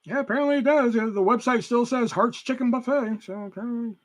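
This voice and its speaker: A man's voice: extremely high pitch, fast talker. A young man, chatting casually and swearing freely on a live stream while reading chat messages aloud. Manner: profane, rambling, reads chat aloud. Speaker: livestream host.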